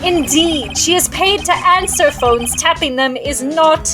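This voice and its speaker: A woman's voice: sits high, measured pace, music in the background, pitched above the performer's own voice. A woman voicing a pompous, arrogant male company chief who shows off with grandiose invented words, reading along with a game.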